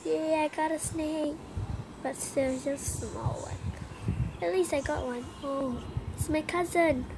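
A woman's voice: sits high, steady tone, unhurried, vocal fry, heavy background noise. A woman giving casual commentary while playing a game, chattering nervously, putting herself down and bursting into exclamations. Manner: nervous, self-deprecating chatter with frequent exclamations. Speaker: gameplay vlogger.

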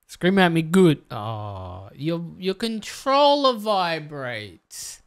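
Let's-play commentator, foul-mouthed, talks to viewers, slow drawl, smooth clear voice. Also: mid-range voice. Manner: swears often, talks straight to viewers; mutters to self, then bursts out excitedly. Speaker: gameplay commentator.

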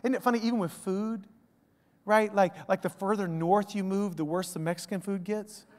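A man preaching a conversational sermon, swinging from loud emphasis to hushed, drawn-out words. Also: high-pitched, fairly even intonation, long reverb tail. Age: adult father of a young son. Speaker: pastor. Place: church sanctuary. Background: soft instrumental music.

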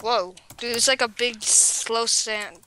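Matter-of-fact woman gamer, bright voice. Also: on the high side, steady tone, takes it slowly, slight background noise. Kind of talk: casual gaming chat.

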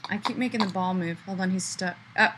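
A woman author chatting excitedly from a hotel room, gushing with enthusiasm. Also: fairly low pitch, fast talker, a little hiss or hum, rough recording. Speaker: children's book author. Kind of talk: casual excited video chat.

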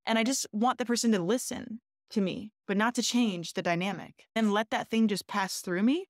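A woman's voice: medium pitch, normal speed, dry recording. Earnest woman speaking in a dry room. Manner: earnest, open, with many restarts and "like". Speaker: shibari artist, guest. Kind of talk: reflective conversational interview.

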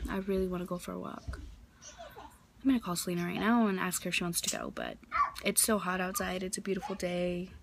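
A woman's voice: fairly low pitch, creaky, background noise. A young adult woman talking casually to her camera in a daily vlog, telling a story with lots of ums and asides. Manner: chatty storytelling with many ums. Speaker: vlogger. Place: outdoors for part of the vlog.

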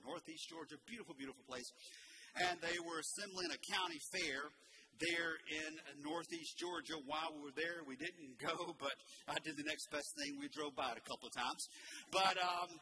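High-voiced older preacher, folksy storytelling. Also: male voice, noisy background. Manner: folksy, animated storytelling, shifts between loud and hushed. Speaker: pastor. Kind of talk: sermon. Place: church sanctuary.

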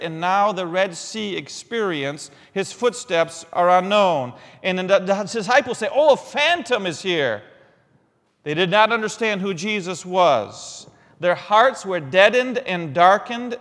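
A man preaching a sermon in a church. He talks dramatically, dropping to a hush and then rising loud, asking the congregation questions and repeating key phrases. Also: sits high. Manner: dramatic, swinging from hushed lines to loud emphatic ones. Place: church sanctuary. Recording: long reverb of a large church hall.

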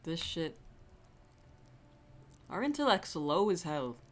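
Relaxed streamer voice, slow drawl, mid pitch, casual cursing and easy laughter, soft music underneath. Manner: laid-back, swears casually, laughs often. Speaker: game streamer. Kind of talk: casual live-stream chat while gaming.

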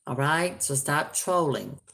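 A woman with a low voice talks slowly and loosely through a doll review, drifting from thought to thought. Her tone stays casual and unpolished, and it hardens when she calls someone out. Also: lively intonation, gravelly. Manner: chatty, rambling, sharp when scolding.

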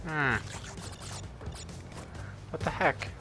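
This gaming YouTuber has a fairly high voice and draws his words out. He mutters, makes silly noises and keeps up loose, playful commentary while he plays, with game music running underneath.

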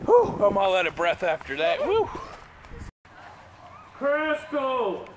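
A man vlogging with his family, talking excitedly to a handheld camera. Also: high voice, slow pace. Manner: excitable, exclaiming, narrating to the camera. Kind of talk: casual family vlog. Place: outdoors in a built-up area. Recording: outdoor ambient noise.

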